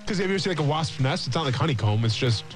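A man from Iowa co-hosting a sports radio show, laid-back but easily excited in casual banter. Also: on the high side, very fast, soft background music.

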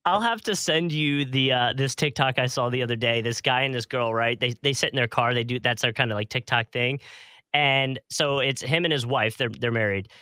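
A man's voice: mid-range voice, a little fast, bright, forceful tone, smooth, no room sound. A young man co-hosting a podcast, telling rambling stories in casual chat and laughing often. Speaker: podcast co-host.

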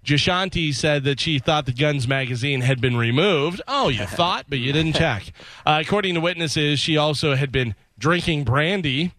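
A man's voice: on the high side, normal speed, a bit bright, no echo. A man hosting a news segment on a morning radio show, casual and wry, mixing stories with jokes.

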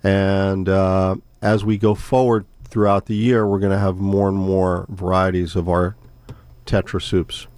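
A man's voice: deep voice, level tone, measured pace, darkish tone, clear, resonant tone, dry recording. A man from a soup company talking up his product in a casual interview, upbeat and promotional. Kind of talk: casual business pitch.

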